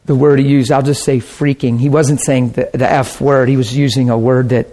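A man preaching a sermon through an animated story, at times dropping into hushed tones. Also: medium pitch, moderate pace.

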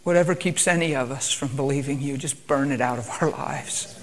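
A male preacher, subdued, calm and quiet, moving between prayer and a reverent sermon. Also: medium pitch, fairly quick.

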